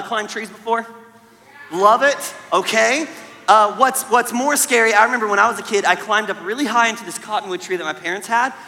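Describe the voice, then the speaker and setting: Bright, animated man preaching to kids. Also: high voice. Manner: animated, talks directly to the kids. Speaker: camp speaker. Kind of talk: children's sermon storytelling. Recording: long hall reverb.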